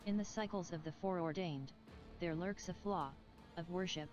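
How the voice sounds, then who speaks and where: A woman giving solemn, measured scripted narration in a game, heard through slightly muffled game audio with faint music behind. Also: fairly low pitch.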